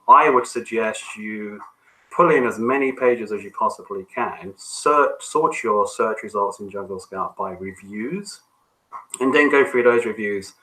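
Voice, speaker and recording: A man coaching on a call, answering questions in a relaxed, conversational way with frequent ums and restarts. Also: fairly low pitch, low-quality recording. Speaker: business coach.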